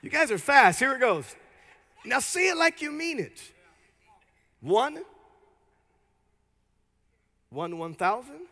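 A man pastor preaching an energetic sermon in a church, leading the congregation in call-and-response. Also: very high-pitched, takes it slowly, gravelly, pauses often, big-room sound. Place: church sanctuary.

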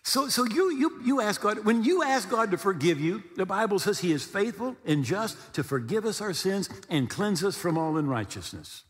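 Animated preacher man in a reverberant hall. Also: high voice, normal speed, hardly any pauses. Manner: animated preaching with acted-out dialogue and humor. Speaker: pastor. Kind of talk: sermon.

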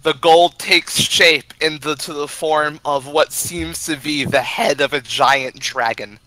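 A man running a tabletop game, taking his narration slowly and breaking it up with fillers. His voice is bright and forceful, a little high. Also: fairly even intonation, dry recording. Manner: halting, with many fillers. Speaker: game master.

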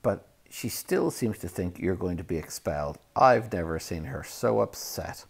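A man's voice: low voice, expressive, normal speed, vocal fry, breathy edge, heavily acted. A man voicing a pompous, bossy teenage prefect boy in a storybook reading, stern and officious.

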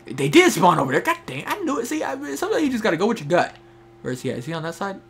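A man's voice: sits high, huge pitch swings, racing, a bit bright, slight background noise. A young man giving casual, chatty commentary while playing a shooter game, talking to teammates and viewers. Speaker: gameplay streamer. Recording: faint game gunfire behind.

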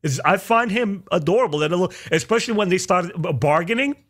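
A man hosting a podcast, chatting casually and opinionatedly, his pitch jumping up for emphasis. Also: quick pace. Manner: opinionated, animated, jumps into high pitch for emphasis. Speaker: podcast host. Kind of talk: casual chat.

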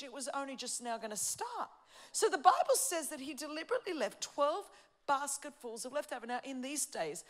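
A woman pastor delivering a sermon with passion, her voice running high. She moves between loud declarations and hushed, pointed emphasis. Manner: passionate, shifting between shouting and quiet emphasis.

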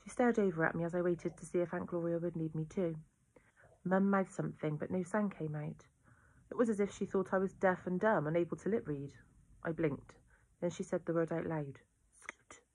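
Low-voiced woman reading a novel. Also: fairly even intonation, brisk, a little mellow. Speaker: reader. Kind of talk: reading a children's novel aloud.

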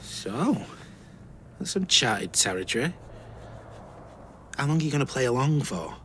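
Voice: mid-range voice, sing-song, unhurried, fairly bright tone, a little hiss or hum. A performer in a television soap drama, asking concerned questions.

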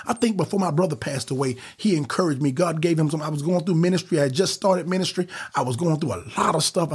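A man with a high, husky voice delivers a fervent podcast sermon. He preaches with a rising, rhythmic exhortation, rushing some phrases and stretching others for emphasis. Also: darkish tone.

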